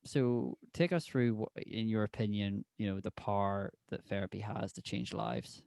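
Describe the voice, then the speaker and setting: A Northern Irish man hosts a podcast chat in a low, gravelly voice with very little rise and fall. He eases into his questions with fillers and pauses. The sound is dry and close. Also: no echo. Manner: relaxed, hesitant with many fillers. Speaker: podcast host. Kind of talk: casual interview chat.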